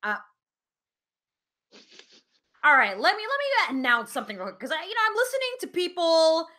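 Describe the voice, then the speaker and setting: A woman co-hosting a podcast in casual chat, animated, with lots of fillers and swearing. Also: extremely high pitch, moderate pace. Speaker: podcast co-host.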